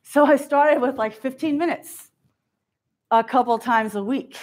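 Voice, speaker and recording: Her voice sitting high with a darkish tone and a slightly slow pace, a middle-aged keynote speaker talks frankly and pokes fun at herself. She regularly performs the quoted words of others.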